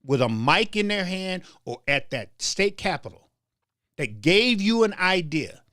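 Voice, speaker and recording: Man, fired-up political commentary, stammering restarts, bright voice, very dry close recording. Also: high-pitched, very animated, a little slow, dry recording. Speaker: show host.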